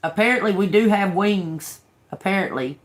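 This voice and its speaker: A woman who hosts a tarot livestream tells a personal story casually, speaking at medium pitch and a moderate pace. She's frank and drawling, swears a lot, repeats phrases and often bursts out laughing.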